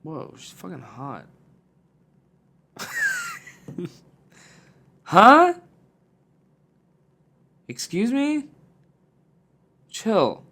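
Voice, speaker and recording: Young man, podcast host, casual advice, swears a lot, blunt and jokey, bursts of loud energy. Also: sits high, huge pitch swings, extremely slow, pauses often, slight background noise. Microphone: podcast mic.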